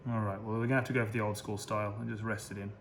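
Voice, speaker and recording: A man's voice: fairly low pitch, flat delivery, racing, reverberant, a little hiss or hum. A man giving a casual cooking demonstration, chatty and self-deprecating, joking about his own slips.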